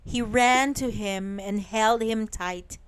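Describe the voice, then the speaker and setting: A woman reading a bedtime story aloud in a slow, soothing, clearly spoken way. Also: medium pitch.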